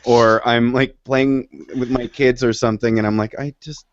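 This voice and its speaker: A father chatting on a group video call, halting and stammering through restarts, on slightly muffled call audio. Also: mid-range voice, level tone, no echo. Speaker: parent. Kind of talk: casual group video chat.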